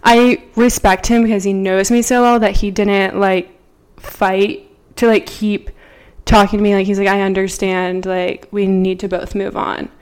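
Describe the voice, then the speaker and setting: A woman's voice: mid-range voice, little pitch movement, unhurried, darkish tone, smooth. A young woman co-hosting a podcast, telling a story in casual chat, rambling and swearing freely. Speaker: podcast co-host.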